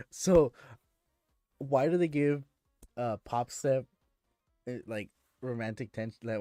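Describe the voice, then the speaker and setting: A man's voice: medium pitch, darkish tone, no echo, studio quality. A man streaming and chatting casually with viewers, ranting in an exasperated way and often restarting his sentences.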